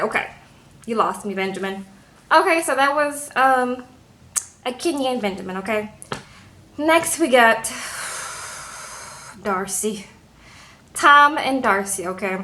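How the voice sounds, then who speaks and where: A woman, recapping a reality show in casual talk and acting out the people's lines with sass, tagging "okay?" onto her sentences. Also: medium pitch. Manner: animated, sassy, frequent "okay?" tags.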